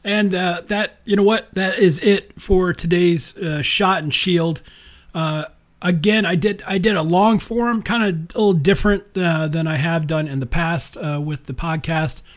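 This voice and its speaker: A man's voice: high-pitched, a little slow. A man hosting his own podcast in a casual, rambling solo monologue, chatting along and laughing at himself. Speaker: podcast host.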